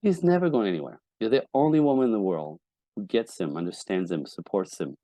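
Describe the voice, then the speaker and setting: Man, relationship coach on a podcast, low dark voice, blunt and swearing, dry close sound. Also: lively intonation, brisk, no room sound. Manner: blunt and emphatic, swears often; acts out quoted voices of wives and husbands. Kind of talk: candid podcast interview.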